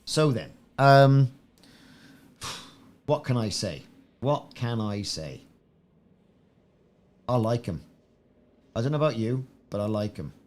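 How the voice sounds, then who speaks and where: A man's voice: medium pitch, lively intonation, measured pace, long pauses, darkish tone. A man chatting casually to viewers as a game streamer on a live stream, rambling and repeating himself. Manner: musing, repeats himself often. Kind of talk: live-stream gameplay chat.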